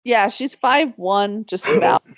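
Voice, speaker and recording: A woman's voice: medium pitch, a little slow, no echo. A woman in a casual group podcast chat, rambling with playful asides.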